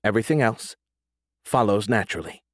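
A man voicing a calm, measured female artificial intelligence in an audiobook. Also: fairly low pitch, dry recording, clean studio sound. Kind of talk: audiobook character voice.

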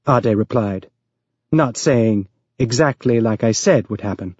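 A man reading an audiobook aloud as narrator, raising his pitch to voice characters. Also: a little slow, a little mellow, husky, no room sound, lo-fi sound.

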